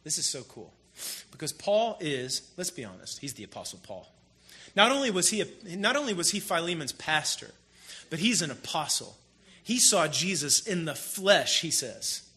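A man preaching a sermon in a casual, storytelling way, with animated emphasis. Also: on the high side, moderate pace. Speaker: pastor. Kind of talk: conversational sermon.

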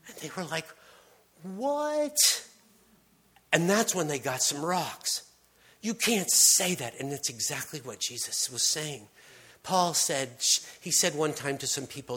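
A man giving a conversational sermon, telling stories with casual restarts and hushed emphasis. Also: medium pitch, animated, measured pace, slightly rough. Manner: casual, storytelling delivery with frequent restarts and dropped-to-hushed emphasis. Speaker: preacher.

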